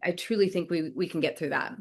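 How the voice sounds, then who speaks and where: A woman's voice: lowish voice, fast. A middle-aged woman from Nebraska, co-hosting a podcast and telling a story casually, acting out quoted lines and laughing often. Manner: animated, laughs often, acts out quoted dialogue. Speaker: podcast co-host, business coach.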